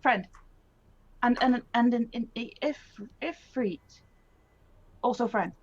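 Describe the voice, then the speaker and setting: Woman tabletop player, fairly high voice, hesitant and halting, dull lo-fi stream sound. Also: darkish tone, no room sound. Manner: hesitant, stumbling over words. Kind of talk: playing a tabletop game.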